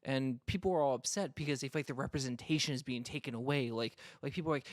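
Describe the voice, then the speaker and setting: Florida guy rambling on his podcast, mid pitch, dry close mic. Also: fast, hardly any pauses, no echo. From North Florida, US South. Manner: rambling, many fillers and restarts. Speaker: podcast co-host. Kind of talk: casual chat.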